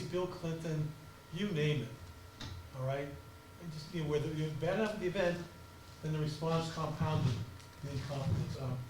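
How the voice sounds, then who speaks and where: A man giving a conference talk on crisis communications, speaking fast and passionately. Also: fairly high pitch, slight background noise. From United States. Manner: fast, passionate, animated delivery. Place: auditorium. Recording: echoey auditorium from far off.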